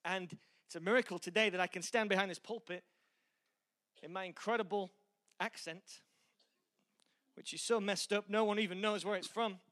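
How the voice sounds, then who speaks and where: A man's voice: sits high, fairly even intonation, normal speed, long pauses, fairly bright tone. A middle-aged male pastor with a mixed Yorkshire and American accent, preaching with self-deprecating humor and earnest encouragement. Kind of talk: sermon.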